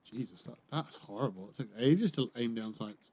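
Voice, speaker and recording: This streamer is a man with a husky, darkish, medium-pitched voice who talks at a moderate pace with lots of expression. Sitting close to his mic during a casual gameplay livestream, he mutters to himself and swears dryly as he plays.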